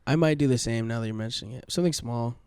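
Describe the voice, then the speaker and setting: A man's voice: medium pitch, gravelly, a little mellow, smooth, no room sound, clean studio sound. A young man co-hosting a casual comedy podcast, loose and profane, reassuring his friend. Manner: loose, profane, reassuring, with quick voiced asides. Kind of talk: casual chat.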